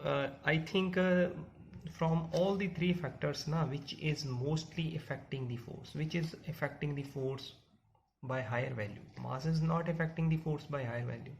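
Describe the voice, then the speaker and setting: A man teaching a physics class step by step, repeating points and asking the students questions. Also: fairly high pitch. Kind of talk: classroom lecture. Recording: dull lo-fi audio with faint hiss.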